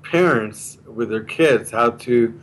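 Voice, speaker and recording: A man being interviewed in casual chat earnestly explains a communication course, repeating the key points. His mid-range, slightly bright voice moves at a slow pace. The audio is poor, with slight background noise.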